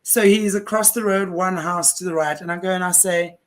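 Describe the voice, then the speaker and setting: A woman's voice: fairly low pitch, steady tone, fairly quick. A woman hosting a conversational interview, telling a story passionately and emphatically. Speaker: host.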